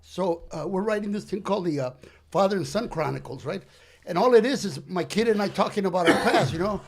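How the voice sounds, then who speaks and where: An older man tells a comic story in a high, gravelly voice. He acts out each character as he goes and sprinkles Spanish slang through the telling, in the easy flow of a podcast guest. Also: animated, fairly quick, noisy background. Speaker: guest comedian.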